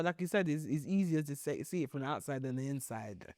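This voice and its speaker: A young woman co-hosting a podcast in casual chat, playfully teasing and dropping low for asides. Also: animated, fairly quick, darkish tone, no room sound, clean studio sound. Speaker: podcast co-host.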